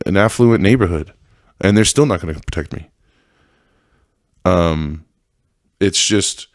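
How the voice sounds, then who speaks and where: A man's voice: lowish voice, no room sound, clean studio sound. A man hosting a podcast, delivering a heated, profane rant that circles back on its own phrases. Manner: heated, profane, repetitive ranting. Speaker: podcast host. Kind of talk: ranting podcast monologue.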